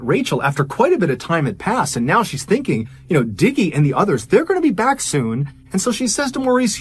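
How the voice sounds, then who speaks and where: A man's voice: high-pitched, huge pitch swings, brisk, hardly any pauses, slight background noise. A man telling a true crime story in a conversational, emphatic way.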